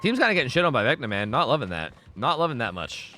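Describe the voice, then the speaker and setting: A man's voice: medium pitch, big pitch swings, quick pace, bright, forceful tone, soft background music. A man streaming a game live, rambling and swearing casually as he answers viewers' questions. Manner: rambling, profane, chatty, answering chat questions.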